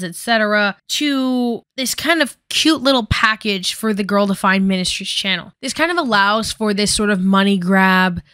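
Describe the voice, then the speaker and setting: A young woman gives a casual video essay in a bright, smooth voice with a sarcastic edge. She talks loosely and irreverently. The recording is close and dry, with no room sound. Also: mid-range voice, no room sound. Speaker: YouTube commentator.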